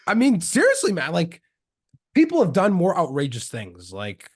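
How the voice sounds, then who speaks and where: Young canadian dude, kinda high voice, slangy storytelling, quotes everybody. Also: male voice, huge pitch swings, normal speed, slightly rough. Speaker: podcast guest. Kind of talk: casual chat.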